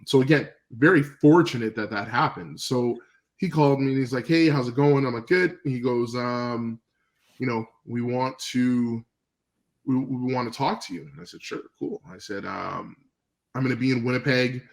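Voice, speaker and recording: A man from Canada tells stories on a podcast, a bit gravelly, at a middling pitch. He rambles in a relaxed way with plenty of fillers and restarts, and he acts out old phone calls as he goes. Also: normal speed, low-quality recording. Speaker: podcast guest. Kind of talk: casual storytelling interview.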